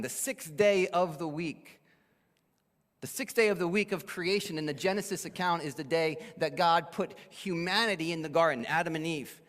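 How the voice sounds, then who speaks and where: A man preaching a sermon as pastor, emphatic and animated, dropping to a hush for weight. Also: high-pitched. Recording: echoey hall.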